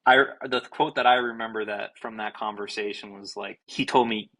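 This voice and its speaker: Husky young man telling a fiery story. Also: fairly low pitch, normal speed, poor audio. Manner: animated, self-described fiery, swears freely, many restarts. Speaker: podcast guest, baseball pitcher. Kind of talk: casual podcast storytelling.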